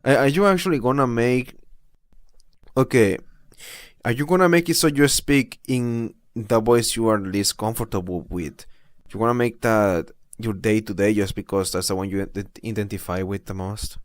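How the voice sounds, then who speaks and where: A man's voice: fairly low pitch, normal speed, no room sound. A young man streaming, chatting casually and with disbelief while reading posts aloud, laughing often.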